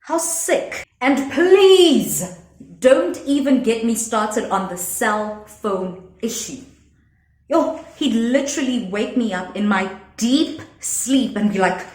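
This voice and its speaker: A young woman with a South African accent tells her story in a sassy, animated way, tossing in Zulu slang. Her voice sits on the high side. It rings in an echoey room. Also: unhurried. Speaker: vlogger. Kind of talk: storytime vlog.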